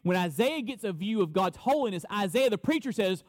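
A man's voice: high voice, lively intonation, fairly quick, big-room sound. A man preaching a sermon as pastor, emphatic, repeating his key phrases for weight.

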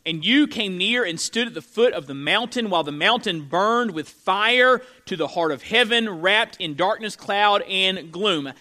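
A man's voice: high-pitched, animated, a little slow, hardly any pauses, sharp tone. A man from Florida preaching a sermon as pastor, conversational, with joking asides to the congregation.

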